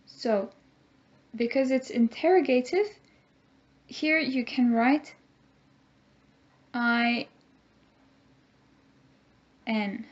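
A woman teaching a grammar lesson, speaking slowly and clearly and having the class repeat words after her. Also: fairly high pitch, highs cut off. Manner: slow, clear teacher talk with call-and-repeat drills.

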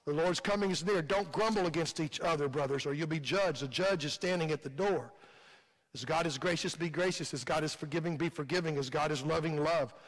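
A man's voice: a little high, brisk. A male pastor with a Midwestern American accent preaching a sermon in a fervent, repetitive cadence, recorded in a church sanctuary. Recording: long hall reverb.

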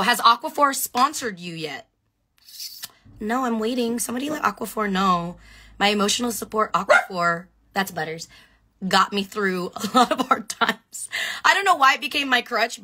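A woman chatting excitedly on a phone live stream, answering viewer questions and shouting out fans. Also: medium pitch, normal speed. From Filipino background. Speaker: reality show contestant on a live stream.

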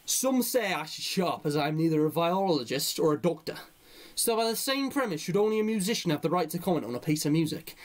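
A man doing a half-hearted impression of a gruff northern male rock singer while reading a quote aloud. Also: fairly high pitch, expressive, fast talker, lightly acted. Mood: earnest.

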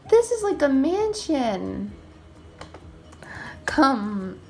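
A woman with a fairly high voice narrates a playful game roleplay, slow and unhurried in pace. She talks casually and excitably, breaking into frequent exclamations. Faint music runs underneath. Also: gravelly. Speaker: roleplay video host.

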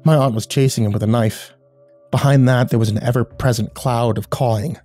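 Brief: a male horror storyteller with a dark, relaxed tone, steady grim reading over soft music. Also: mid-range voice, fairly quick. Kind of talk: scripted horror narration.

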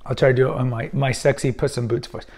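A man's voice: medium pitch, level tone, quick pace, darkish tone. A man in his fifties who hosts a podcast, giving casual, opinionated film commentary and rambling with frequent restarts and fillers. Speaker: podcast host.

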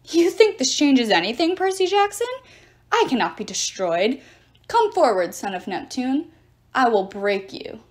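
A woman's voice: on the high side, very animated, measured pace. A woman voicing a huge boastful male sea giant who taunts and bellows threats. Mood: menacing. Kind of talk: audiobook character reading.

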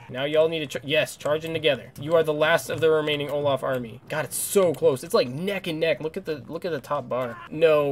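Excitable young man, let's play commentary. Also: medium pitch, a little hiss or hum. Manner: excitable, swears a lot, yells at enemies. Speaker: gaming channel host.

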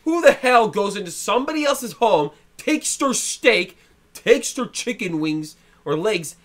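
A man's voice: high-pitched, expressive, measured pace, fairly bright tone. A young man co-hosting a movie reaction, chatting casually and swearing freely. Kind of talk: casual chat.

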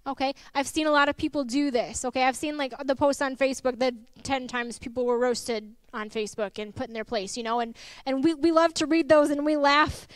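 A young woman preaching a sermon to her church, lively and personal, telling stories with laughs and asides. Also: high voice, brisk, few pauses, clear, resonant tone, no room sound, studio quality. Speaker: guest preacher.

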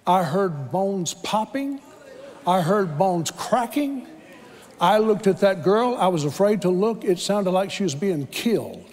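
High-voiced preacher telling a story. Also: male voice, expressive, measured pace, a little mellow, in a large hall. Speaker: pastor. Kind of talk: sermon storytelling. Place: church sanctuary.

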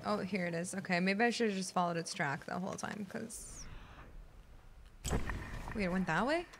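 A woman streaming a game, talking casually to herself and her viewers, often muttering under her breath and bursting into loud, excited squeals. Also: mid-range voice, moderate pace, gravelly, slight background noise. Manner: chats back to viewers, teasing and argumentative. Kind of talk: casual live gameplay commentary.

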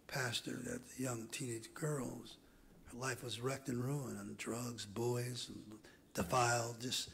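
Male preacher, gravelly tone, fervent sermon delivery with hushed passages and shouted peaks. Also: medium pitch, flat delivery, slow pace, a little hiss or hum, poor audio. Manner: builds from hushed murmurs to hoarse shouting. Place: church sanctuary.

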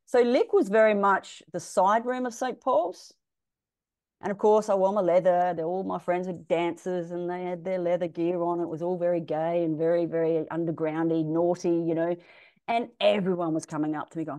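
A middle-aged Australian woman, a DJ guest, telling stories in a frank, animated way and acting out the quotes. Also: fairly low pitch, a little fast. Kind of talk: casual storytelling interview.

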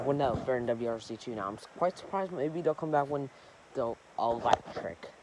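A man's voice: medium pitch, animated, normal speed, very noisy. A young man chatting casually to his channel's viewers. He rambles, corrects himself often and leans on a lot of fillers. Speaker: gaming channel host. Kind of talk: casual rambling vlog chat.

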